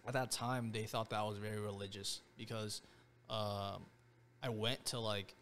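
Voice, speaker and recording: A man's voice: fairly low pitch, fairly even intonation, moderate pace, a bit bright, a little hiss or hum. A man in his twenties, a podcast guest, telling a personal story in casual slang, leaning on "bro" and "like".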